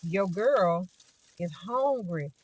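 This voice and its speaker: A woman's voice: lowish voice, lively intonation, very slow, background noise. A woman talking casually to her viewers, emphatic and repeating words as she lectures, then chats. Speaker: vlogger. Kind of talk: casual vlog talk to viewers.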